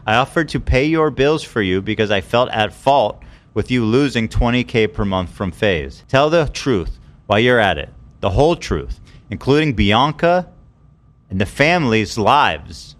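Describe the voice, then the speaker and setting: Brief: male podcast co-host, animated, swears freely, reads posts aloud with laughs. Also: on the low side, normal speed. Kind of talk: casual chat, reading posts aloud.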